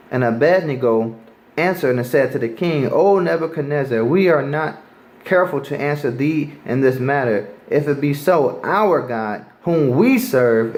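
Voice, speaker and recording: A man's voice: medium pitch, darkish tone, rough recording. A man giving a scripture teaching sermon, reading verses aloud and pressing his points with emphatic rhetorical questions. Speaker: Bible teacher.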